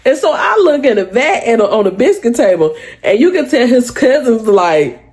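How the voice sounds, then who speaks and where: A woman vlogger telling a storytime to her viewers, animated and chatty, with a deep voice and sounding a little sick. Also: moderate pace. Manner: animated, chatty, keeps addressing viewers as "y'all".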